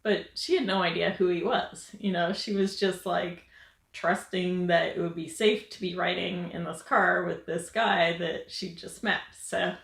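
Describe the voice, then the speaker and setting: A woman's voice: on the low side, steady tone, measured pace, gravelly, a bit bright. A woman hosting a vlog, chatting casually to camera with advice, rambling with fillers and laughing often. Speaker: vlog host. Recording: roomy echo.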